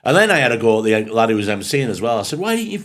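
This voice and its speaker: A low-pitched English man spins comic anecdotes in a loose, chatty way. He slips into the voices of the people in his stories and peppers them with casual swearing. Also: racing. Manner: animated storyteller, acts out quoted voices, swears freely. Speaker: podcast co-host and comedian. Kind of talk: casual pub-style chat, telling stand-up anecdotes.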